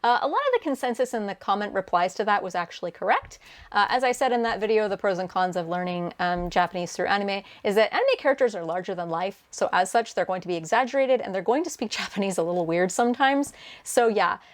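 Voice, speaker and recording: A woman's voice: medium pitch, lively intonation, fast. Chatty woman answering viewer questions. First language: English. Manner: chatty, many fillers and restarts, laughs often. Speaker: translator and video host. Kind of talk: casual Q&A vlog.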